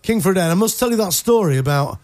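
A man's voice: high-pitched, expressive, racing, a little mellow. A man hosting a radio show in casual chat, telling rambling stories and laughing at his own jokes. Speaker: radio host. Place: radio studio.

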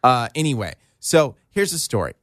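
A man's voice: medium pitch, sing-song, normal speed, no room sound, studio quality. A man hosting a radio show, chatting casually and telling stories with frequent laughs. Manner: chatty storyteller, laughs often. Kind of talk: casual chat.

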